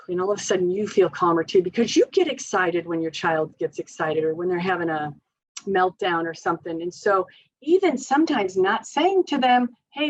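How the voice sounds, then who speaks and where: A woman's voice: fairly low pitch, muffled recording. A woman occupational therapist giving an informal training talk to parents, chatty and loose, with many fillers and frequent small laughs.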